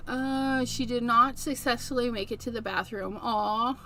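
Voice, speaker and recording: Woman, middle-aged craft livestream host: high, bright voice, unhurried and chatty, laughing often. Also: a little hiss or hum. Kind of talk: casual livestream chat.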